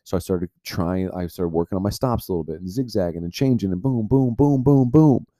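Low mellow dude rambling thru a story on his podcast, says like a lot, dry sound. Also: fast, no echo. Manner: rambling, heavy use of filler "like". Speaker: podcast host. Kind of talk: personal storytelling.

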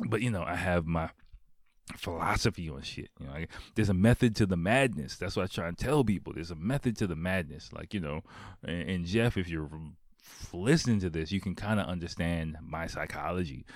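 A man's voice: low-pitched, lively intonation, a little fast, dry recording, studio quality. A man casually telling a funny story, laughing often, acting out quotes and swearing freely. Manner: swears a lot.

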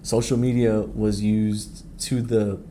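A young man co-hosting a podcast in casual chat, laid-back and teasing, quick to laugh. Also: lowish voice, little pitch movement, mellow, slight background noise. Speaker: podcast co-host.

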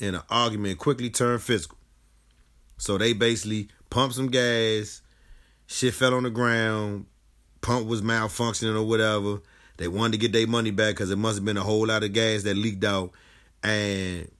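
Man, gravelly voice, casual heated commentary, swears a lot. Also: on the low side. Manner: animated, profane, rising to heated outbursts. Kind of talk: casual commentary on a news story.

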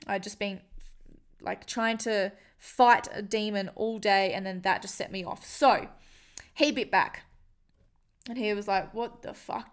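A woman's voice: medium pitch, fairly bright tone. Frank young woman talking casually. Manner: frank and casual, swears freely, many fillers. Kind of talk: candid personal storytelling to camera.

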